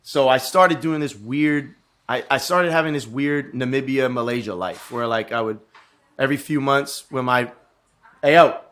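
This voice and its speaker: A man with a mid-range, fairly bright voice guests on a casual podcast, talking at normal speed about his travels. He wanders through the stories, swears a lot, and keeps starting over.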